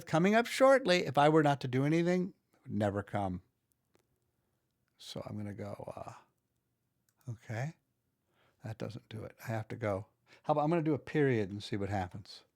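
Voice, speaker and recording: An American man who narrates audiobooks and makes videos gives a casual screen-recording walkthrough of his computer work, rambling, thinking aloud and often restarting sentences. His medium-pitched voice is animated yet creaky and darkish, at normal speed with frequent pauses, recorded in studio quality without echo.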